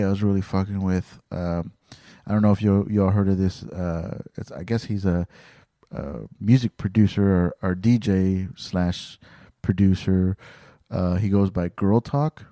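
Man, low mellow voice, casual rambling podcast talk, lots of ums and restarts, dry close sound. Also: no room sound. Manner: rambling, many fillers and restarts, swears casually. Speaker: podcast host. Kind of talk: casual monologue.

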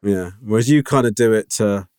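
A man's voice: fairly low pitch, moderate pace, darkish tone, smooth, no room sound, studio quality. A young man co-hosting a casual podcast chat, wry and teasing, with frequent restarts. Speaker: podcast co-host.

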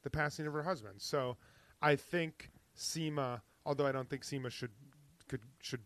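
A man co-hosting a casual TV recap podcast, halting with fillers and restarts, firmly opinionated. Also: mid-range voice, steady tone, a bit bright. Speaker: podcast co-host. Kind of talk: casual chat recapping a TV show.

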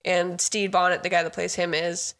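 A woman's voice: lowish voice, little pitch movement, moderate pace, a bit bright. A woman co-hosting a casual podcast, chatty and enthusiastic, sometimes reading from her notes. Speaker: podcast co-host. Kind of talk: casual chat.

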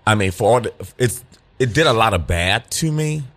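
A man co-hosting a casual podcast, sassy and animated, telling stories with dramatic flair. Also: fairly low pitch, moderate pace. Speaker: co-host.

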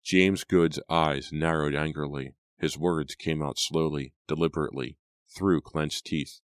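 A man narrating an audiobook in a steady, dramatic storytelling manner. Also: rumbling low, a little slow, no room sound, clean studio sound. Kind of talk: scripted narration.

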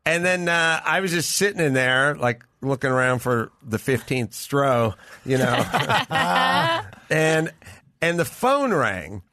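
A middle-aged man tells a story with a comedian's timing, acting out each voice as he goes. His tone is bright and forceful. The mic is close and dry, with no room sound. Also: a little high, slow, no echo. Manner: animated, acts out voices in his stories. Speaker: guest comedian. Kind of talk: casual storytelling chat. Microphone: studio mic over remote link.

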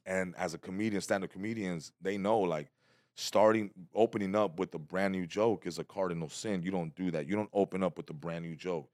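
A man telling a stand-up comedy story in a casual podcast interview, slangy and animated, acting out other people's quotes. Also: low-pitched, a little fast, no echo, clean studio sound. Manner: animated, slangy, acts out quotes with big loud jumps. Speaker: comedian guest.

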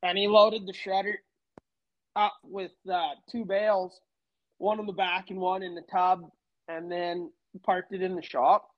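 A man's voice: high-pitched, flat delivery, unhurried, muffled recording. A man telling a work story in casual chat, laid-back, swearing freely. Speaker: podcast guest.

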